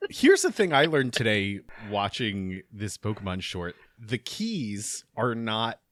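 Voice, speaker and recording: A man on a casual comedy podcast, musing slowly about a cartoon creature. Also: lowish voice, very animated, fairly bright tone, no room sound, studio quality.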